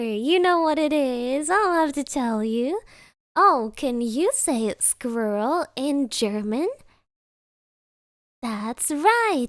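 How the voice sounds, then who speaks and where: A woman's voice: high voice, very animated, slow, no echo, studio quality. A young woman streaming from home, giggling and rambling as she chats casually with her live chat and reads their messages aloud.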